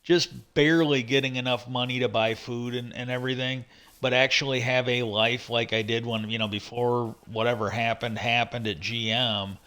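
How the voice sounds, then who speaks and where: A man's voice: medium pitch, steady tone, normal speed, sharp tone, smooth. A middle-aged man hosting a livestream, rambling in casual chat and swearing freely as he retells what he heard. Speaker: livestream host.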